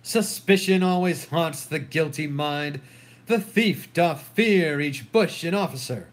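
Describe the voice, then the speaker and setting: Man reads scheming duke, sly and mocking, highish. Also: slow. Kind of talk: solo dramatic reading of a play.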